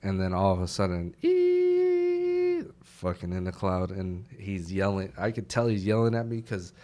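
A very low-pitched male voice belongs to a veteran guest on a casual podcast. He tells his story with lots of profanity, and the dramatic moments burst out in shouts. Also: little pitch movement, a little fast.

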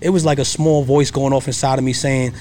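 Guest, male, 30s, mid-pitched. Earnest, casual storyteller with a faint noise under him. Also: little pitch movement, fairly quick, warm tone. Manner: earnest, casual, often adds "you know what I mean". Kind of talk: personal storytelling in conversation.

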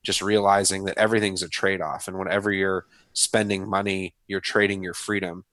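Upbeat guy in his thirties, low voice. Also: flat delivery, brisk, a bit bright, no echo. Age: 30s. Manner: enthusiastic, says "man" and "dude" often. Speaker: guest author. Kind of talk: casual podcast interview.

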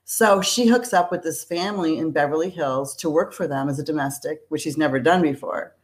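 A woman's voice: sits low, a little fast. A middle-aged woman, an actress guest, chatting casually and rambling with frequent laughs and restarts. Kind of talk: casual interview chat.

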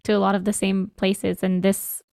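A woman's voice: mid-range voice, completely flat delivery, moderate pace, gravelly, dark tone, clean tone, no room sound, studio quality. A woman hosting an interview podcast, responding with effusive, empathetic reflections and questions. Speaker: podcast host. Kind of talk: interview conversation.

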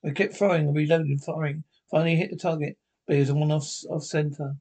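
An actor playing a lonely, shy scientist who built an android and calmly explains how, in 1950s TV drama style. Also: male voice, on the high side, fast talker, slightly rough. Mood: explaining.

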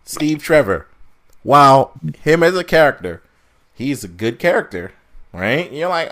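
Casting: male podcast co-host, mid-pitched voice, animated, profane ranting in casual chat. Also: unhurried. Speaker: podcast co-host reviewing a film.

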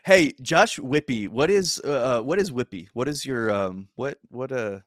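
A man's voice: medium pitch, animated, normal speed, no room sound, studio quality. A man hosting a casual chat, friendly and teasing, laughing often. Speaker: podcast host.

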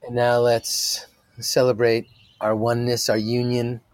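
A man leading a guided meditation as its teacher, talking softly and drawing out each phrase. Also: mid-range voice, monotone, dry recording. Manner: slow, soft-spoken, drawn-out phrasing.

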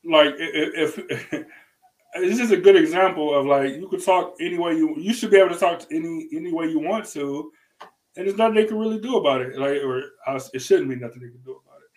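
Speaking fairly quickly in a voice that's on the high side yet darkish in tone, a male podcast co-host keeps the chat casual and loose, repeating phrases and using lots of fillers. The recording is low quality.

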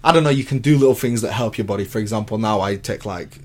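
A man's voice: lowish voice, fast talker, a little mellow, a little hiss or hum. A young man, co-hosting a podcast and telling rambling, slangy stories full of restarts. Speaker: podcast co-host. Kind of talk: casual chat.

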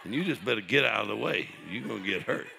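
Gravelly, bright-voiced preaching man. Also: lowish voice, animated, fast, a little hiss or hum. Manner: folksy storytelling, builds to shouted preaching. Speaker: pastor. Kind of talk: sermon.

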